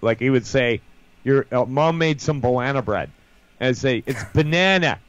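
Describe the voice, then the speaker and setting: A man's voice: medium pitch, normal speed, clean tone. An American man co-hosting a live show, ranting and laughing in casual chat. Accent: American English. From United States. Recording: dull lo-fi sound.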